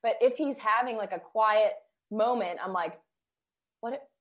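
A woman with a mid-pitched voice co-hosts a podcast in relaxed chat. She talks quickly, laughs often, and asks her guest questions. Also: muffled recording. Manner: chatty, laughs easily, quick. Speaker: podcast host, personal trainer. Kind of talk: casual chat.

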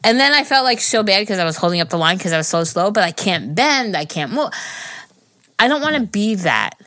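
Tipsy New woman, bright voice. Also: medium pitch, sing-song, fairly quick, no echo, clean studio sound. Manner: candid, emotional, rambling. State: tipsy, slurring slightly. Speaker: podcast co-host. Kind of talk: casual chat.

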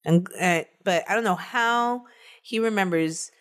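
A woman's voice: mid-range voice, a little slow. A woman co-hosting a podcast, telling a true-crime case in a casual, chatty way and laughing between the facts.

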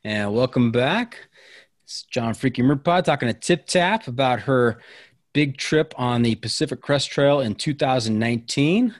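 A man's voice: medium pitch, a little slow. A man hosting a podcast interview, asking questions in a friendly, joking way and playing along with his guest. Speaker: podcast host. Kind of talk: casual interview chat.

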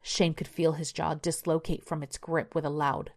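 Low-voiced woman narrating horror. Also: flat delivery, moderate pace.

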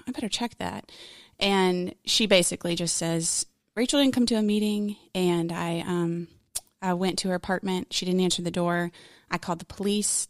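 Woman guest with a low voice, candid and emotional, speaking in a dry, close recording. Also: no room sound. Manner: frank, candid, rambling with fillers. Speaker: podcast guest. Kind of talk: personal storytelling in conversation.

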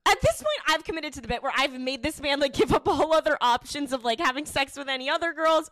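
Animated young woman telling a story. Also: sits high, fast, no echo, studio quality. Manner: animated, laughing, swearing freely. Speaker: podcast co-host. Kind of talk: casual storytelling chat.

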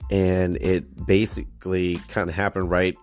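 A man's voice: sits low, flat delivery, measured pace, soft background music. A man, hosting a casual solo podcast with rambling, crude jokes and frequent restarts. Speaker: podcast host.

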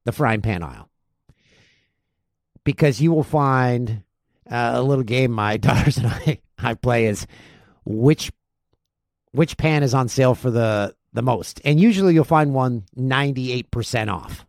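A man's voice: mid-range voice, vocal fry, no room sound, clean studio sound. A man hosting a casual podcast, reading listener emails and joking between them. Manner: animated, jokey, reads emails aloud with quick asides. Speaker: podcast host.

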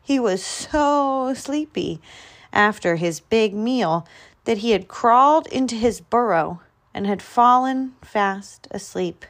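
A woman reading a children's picture book aloud, slow and expressive. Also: a little high. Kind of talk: storybook read-aloud.

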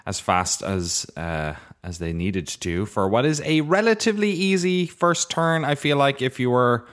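A man's voice: mid-range voice, lively intonation, unhurried, fairly bright tone. A man co-hosting a podcast in casual chat, laughing often and wandering into asides, recorded at home on a desk mic. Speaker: podcast co-host. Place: room in a house with movers stomping overhead. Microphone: desk mic recorded in Audacity.

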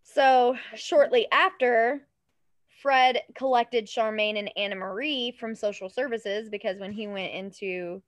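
A woman co-hosting a podcast, telling a story in casual chat, animated, laughing often and tripping over words. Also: a little high, unhurried, no echo, clean studio sound. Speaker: podcast co-host.

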